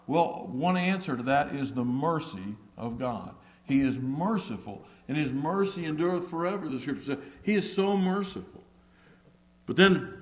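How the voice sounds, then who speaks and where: A man preaching an earnest sermon, repeating key phrases and acting out the prophet's words with rising emphasis. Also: a little high. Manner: repeats phrases, with stumbling restarts. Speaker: pastor.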